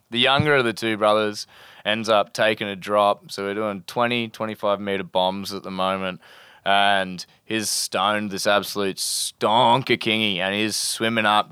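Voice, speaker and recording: A man's voice: lowish voice, bright, forceful tone, clear, resonant tone, no echo. A young Australian man telling a spearfishing story as a podcast guest in a laid-back, slangy way, swearing freely. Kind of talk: casual storytelling.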